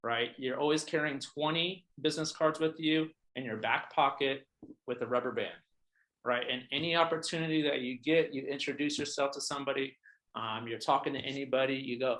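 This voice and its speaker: A man's voice: mid-range voice, steady tone, fairly quick, a bit bright, rough recording. A man, a realtor coaching other agents in a casual training talk, who keeps checking in with "all right?" and restarts his sentences often. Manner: frequent fillers and restarts.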